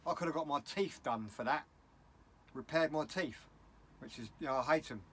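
A man's voice: fairly high pitch, normal speed, fairly bright tone, a little hiss or hum. Annoyed middle-aged british bloke ranting in his vlog, rambles on, bit blunt. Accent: British English. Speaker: vlogger. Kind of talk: casual vlog rant.

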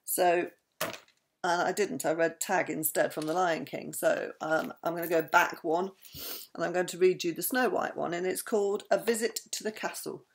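A woman's voice: on the low side, fairly even intonation, normal speed. An older woman, a grandmother, chatting affectionately with her grandchildren and reading them a bedtime story.

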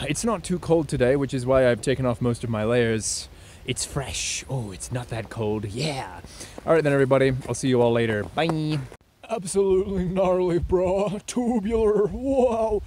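A young man chatting casually to the camera outdoors on a ski slope, excitable and thinking aloud as he goes. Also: medium pitch, moderate pace, slight background noise. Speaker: vlogger learning to snowboard. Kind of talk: casual vlog commentary.

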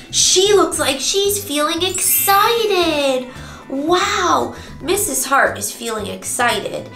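Woman, preschool teacher, high voice, sing-song, roomy sound, music playing behind. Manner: animated, exaggerated, gasping and singing. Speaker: preschool circle-time teacher. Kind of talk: sing-song lesson for toddlers.

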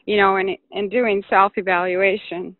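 A woman's voice: medium pitch, flat delivery, moderate pace. A woman co-hosting a health call, answering the host briefly and agreeably. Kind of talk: casual chat on a conference call. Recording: dry, phone-line audio.

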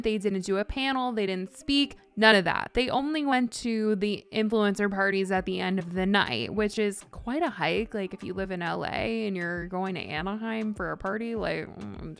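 A woman hosts a gossip commentary show. She talks in a chatty, opinionated way, and her voice comes across smooth and clear. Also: medium pitch. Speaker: host.

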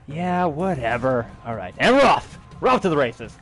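A young man streaming a video game, joking excitedly and swearing as he plays, laughing at his own jokes. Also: a little high, moderate pace, hardly any pauses. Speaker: gaming livestreamer. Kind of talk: casual let's-play commentary. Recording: game music playing behind the voice.

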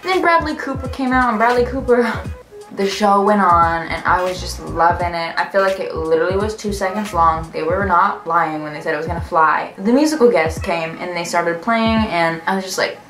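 A young woman vlogger telling a story in a gushing, excitable way, often breaking into laughter. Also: lowish voice, a little fast. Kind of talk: story time vlog. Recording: roomy echo, faint music.

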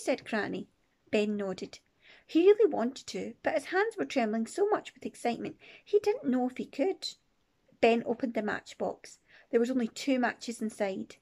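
A woman teacher reading a children's book aloud with expressive, playful asides. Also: fairly high pitch, moderate pace, gravelly. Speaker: primary teacher. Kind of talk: storybook read-aloud.

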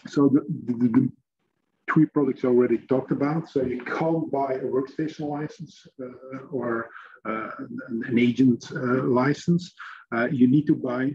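A man leading a webinar training, pausing often and filling gaps with hesitant sounds. His voice sits at an ordinary pitch. It comes through a dull, lo-fi line with a faint hiss behind it. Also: darkish tone. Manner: halting, frequent fillers. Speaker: presenter.

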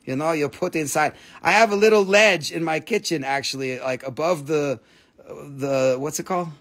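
Playful, profane live-sale host; man with a high, gravelly voice and broken English. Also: normal speed, fairly bright tone. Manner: non-native, broken English. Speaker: host and rock seller. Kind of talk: live sales stream.

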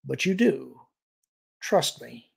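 A man's voice: medium pitch, animated, slow pace, gravelly, husky, heavily acted. A man voicing a mysterious male visitor who speaks in an assured, persuasive way.

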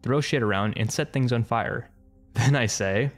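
A man narrating an internet story for comic effect in a brisk, wry, matter-of-fact way. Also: medium pitch.

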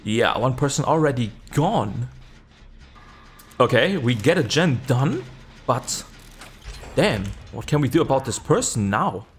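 A man narrating his own gameplay at an unhurried, drawn-out pace, with a voice of ordinary middle pitch. He is excitable and breaks into high yelps and casual swearing when the action heats up, then laughs at himself. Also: soft background music. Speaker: video game streamer. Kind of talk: live gameplay commentary.

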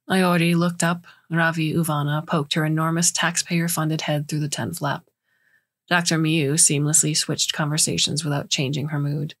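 Husky, lowish woman narrating. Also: flat delivery. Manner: measured storytelling. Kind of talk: scripted narration.

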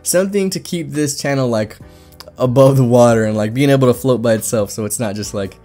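A man's voice: medium pitch, mellow, faint music behind. A young man with a slight lisp from braces, rambling casually to his viewers as a channel host. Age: young adult. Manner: fast-talking, rambling, lots of "like".

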